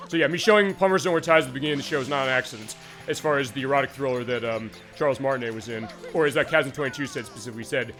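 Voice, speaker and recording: Male stream host, slightly high voice, rambling play-by-play chat, faint music under it. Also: fairly bright tone. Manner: rambling, chatty, many fillers and restarts. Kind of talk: casual let's-play commentary.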